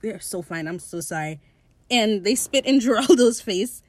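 A woman's voice: medium pitch, moderate pace, dry recording. A woman in her late teens recapping a TV episode in casual, gushing chat, swearing freely. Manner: excitable, gushing, swears freely, laughs often. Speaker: TV show recap host.

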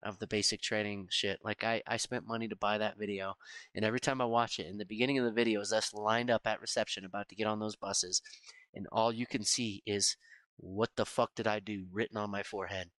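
A man's voice: fairly low pitch, fairly even intonation, fairly quick, fairly bright tone, dry recording. Laughing, cursing young man, dry sound. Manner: profane, laughs often. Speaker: podcast co-host. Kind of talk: casual storytelling chat.

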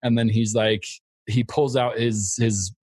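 A man with a husky, mid-pitched voice tells stories about a comedy film with amused delight. The mic sound is dry and close. The talk is relaxed and casual. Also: unhurried, no echo. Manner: amused storytelling, trails off into laughter. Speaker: podcast co-host.

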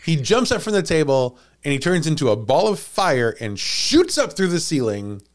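A man hosting a comedy podcast, telling a story casually and in an animated way, with frequent laughs and jokey asides. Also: a little high, moderate pace.

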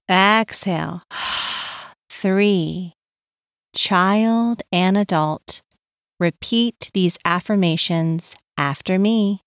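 A woman hosting a children's podcast, leading a slow, soothing breathing and movement exercise with sing-song chanting. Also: medium pitch, clean tone, no echo, studio quality. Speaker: podcast host guiding parent and child. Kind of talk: guided calm-down exercise for kids.

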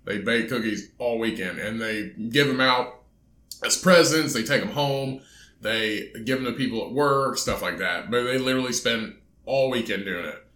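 A man's voice: medium pitch, normal speed, pushed and bright, reverberant. A man co-hosting a casual podcast, rambling with repeated words and joking asides. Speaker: podcast co-host.

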